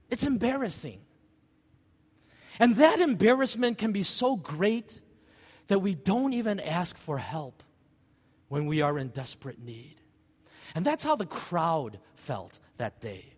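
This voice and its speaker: A middle-aged male pastor preaching with a lively, swooping delivery and a fairly high voice. His storytelling leans on rhetorical questions. The sound rings with a long church-hall reverb. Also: a little slow, long pauses, breathy edge. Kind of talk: sermon.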